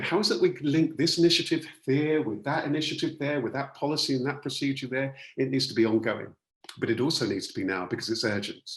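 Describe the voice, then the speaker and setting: A coach and speaker leads an online masterclass, earnestly repeating key words for emphasis. His voice is medium-pitched, and the sound is roomy.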